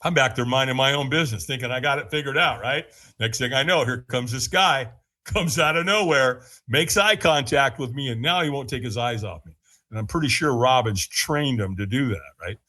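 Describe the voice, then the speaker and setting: A podcast guest tells his story in a bright, forceful voice at a moderate pace, laughing often. He acts out quotes by shifting into a higher voice, keeping the storytelling animated.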